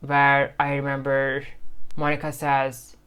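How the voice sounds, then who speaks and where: A man's voice: mid-range voice, monotone, takes it slowly, fairly bright tone, clean tone. Chatty man giving a casual English lesson. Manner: chatty, repeats phrases with lots of "okay?". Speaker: English-learning YouTuber. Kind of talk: casual teaching to camera. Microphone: phone camera.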